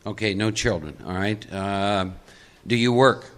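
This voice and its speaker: In a meeting room with an audience, a man with a lowish, fairly bright voice speaks at a measured pace. He's giving a live recovery workshop talk, conversational and coaxing, as he draws volunteers from the crowd into a role-play.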